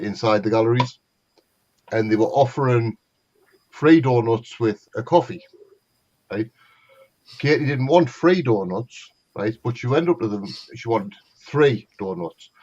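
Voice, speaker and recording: A man's voice: medium pitch, a little slow, long pauses, a little mellow, highs cut off. A man with a North East English accent telling swearing, laughing stories in casual chat with friends. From North East England. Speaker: gamer chatting with friends on a stream.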